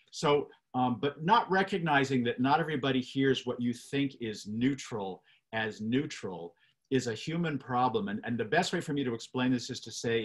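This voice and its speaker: A man talks through a point on an online panel, his voice sitting in an ordinary middle register. He explains with animated emphasis and keeps checking in with the listeners. The sound comes through a video call. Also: medium pitch. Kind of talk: webinar panel discussion.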